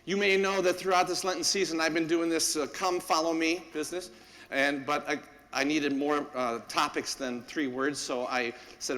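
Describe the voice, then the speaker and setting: A parish priest talks to his congregation in a loose, storytelling way, full of "uh"s, asides and little chuckles. His voice is bright and a bit high for a man. It rings out with the long echo of a big church. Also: steady tone, moderate pace. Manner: folksy and anecdotal, chuckling, many fillers. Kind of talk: conversational homily.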